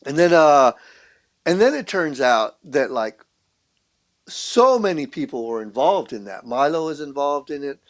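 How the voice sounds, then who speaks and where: A man's voice: fairly high pitch, sing-song, unhurried. A man guesting on a podcast, telling a story in casual, profane talk, full of restarts and acted-out quotes of other people. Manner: profane, rambling, with repeated restarts. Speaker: podcast guest, street artist.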